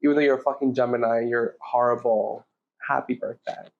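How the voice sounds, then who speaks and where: A woman's voice: a bass voice, steady tone, fast talker, a little mellow. A woman co-hosting a podcast in casual chat, blunt and emphatic, swearing freely. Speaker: podcast co-host. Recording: slightly muffled lo-fi audio.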